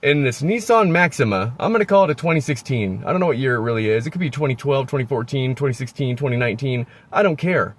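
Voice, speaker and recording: A man vents into his phone camera out in an open parking lot. His talk rambles and swerves into sarcastic, profane insults. His voice sits at an ordinary middle pitch. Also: lively intonation, fast talker, hardly any pauses. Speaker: vlogger. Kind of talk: ranting vlog.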